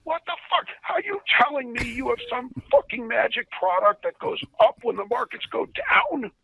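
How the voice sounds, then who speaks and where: A man acting out a furious trading-desk boss who yells and swears in disbelief, his voice pushed far up in pitch. The sound is dull and lo-fi, with a dry room. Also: very animated, normal speed, vocal fry, breathy edge, no room sound, full character voice. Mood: yelling. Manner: yelling, incredulous, swearing.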